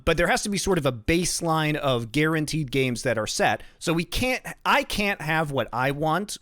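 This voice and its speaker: A man's voice: medium pitch, a bit bright, no room sound, studio quality. A man hosting an esports discussion show, emphatic and profane, launching into long explanatory rants. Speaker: podcast host.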